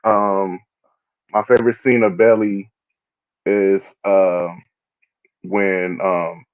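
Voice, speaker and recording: A man co-hosting a talk show over an online call, answering slowly with many fillers. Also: deep voice, little pitch movement. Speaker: podcast co-host. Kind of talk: casual chat. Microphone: online call, muted at times. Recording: tinny phone-like line.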